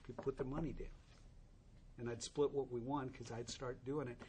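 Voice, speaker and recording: A man's voice: mid-range voice, steady tone, fairly quick, dark tone, slight background noise. A man in his sixties tells a humorous, rambling story to an audience at a recovery meeting, with many restarts.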